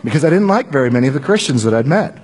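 A man's voice: medium pitch, very animated, rapid-fire, a little mellow, slightly rough. A male pastor giving a conversational sermon, joking with the congregation and often restarting his sentences.

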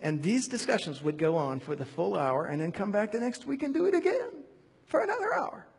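A man with a husky, slightly high voice preaches in a casual, conversational way, wandering off on tangents and restarting his sentences. His voice rings out with a long reverb, as though he is in a large hall. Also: fairly quick. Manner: animated, digressive, with many fillers and restarts. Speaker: preacher teaching a Bible study. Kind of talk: conversational sermon.

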